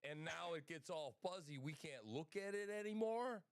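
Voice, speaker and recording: A man's voice: fairly high pitch, animated, normal speed, dry recording, studio quality. A man in casual political chat, blunt and fired up, swearing freely. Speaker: guest.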